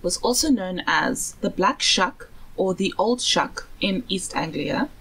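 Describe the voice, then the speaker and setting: A woman's voice: fairly low pitch, lively intonation, a little slow, gravelly, fairly bright tone, slightly rough, low-quality recording. A young woman from South Africa co-hosting a podcast in casual chat, giggly and self-deprecating. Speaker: podcast co-host.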